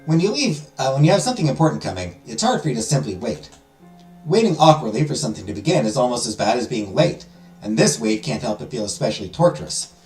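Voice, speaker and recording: Man reading a visual novel aloud, animated, swooping delivery, echoey room, faint music. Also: mid-range voice, fast talker. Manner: lively, dramatic storytelling with joking asides. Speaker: let's play host. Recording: roomy echo with music behind.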